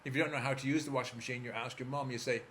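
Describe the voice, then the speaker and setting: An Irish man speaks as a therapist, leading the listener through a guided visualization. His delivery is calm and steady, coaching step by step at an ordinary middle pitch. A faint noise sits behind him. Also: racing.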